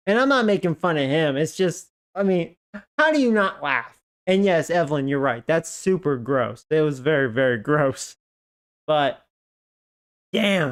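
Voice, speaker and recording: A man's voice: fairly high pitch, clean tone. A man streaming a game who chats casually, rambling and profane, with lots of "like" fillers and bursts of laughter. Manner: breaks into laughter. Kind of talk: casual storytelling chat.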